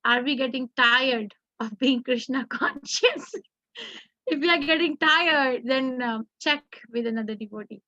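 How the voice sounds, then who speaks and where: A woman with an Indian English accent leads an online scripture class, reading verses slowly and quizzing students in quick questions. Her voice sits high and sounds bright. The audio is dry and a little dull, like a video call. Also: no echo. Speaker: Gita class teacher.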